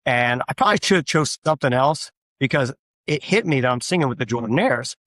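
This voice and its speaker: A man of middle pitch speaks as a guest in a casual interview. He tells long, rambling anecdotes and fills them with frequent fillers. The recording is dry and close, with little room sound. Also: expressive, fairly quick, fairly bright tone, no room sound. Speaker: guest, tribute artist for a famous singer.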